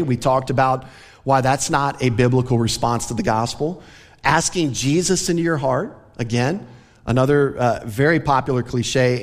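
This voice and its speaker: Earnest preacher in an echoing church. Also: male voice, medium pitch. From American South. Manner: earnest, conversational preaching with light laughs. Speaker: pastor. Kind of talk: sermon. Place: church sanctuary.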